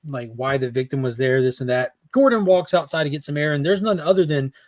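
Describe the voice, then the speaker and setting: A man's voice: fairly high pitch, lively intonation, a little fast, no echo. A man co-hosting a casual comics podcast, chatting in a laid-back way and joking now and then. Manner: laid-back, chatty, laughs at own jokes. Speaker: podcast co-host.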